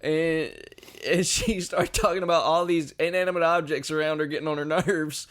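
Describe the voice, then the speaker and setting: A man's voice: on the high side, steady tone, normal speed, fairly bright tone. A man co-hosting a podcast, joking around and laughing often in casual chat. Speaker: podcast co-host.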